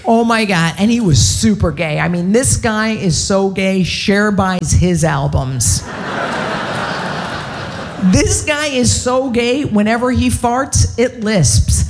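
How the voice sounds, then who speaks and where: A woman's voice: medium pitch, slow, background noise. A woman performing a stand-up comedy set, brash, profane and self-mocking.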